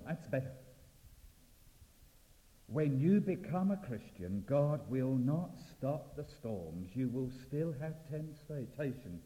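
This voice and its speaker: Slow, dramatic male preacher in an echoing hall. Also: a little high, big pitch swings. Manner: dramatic, swinging from loud exclamations to hushed appeals. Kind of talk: evangelistic sermon. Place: church or meeting hall. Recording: reverberant, dull lo-fi hall recording.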